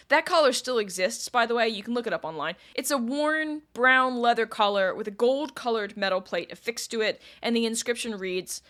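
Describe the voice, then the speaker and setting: A woman's voice: a little high, expressive, moderate pace, hardly any pauses, fairly bright tone. A woman podcast host telling a history story in a casual, chatty way with wry asides.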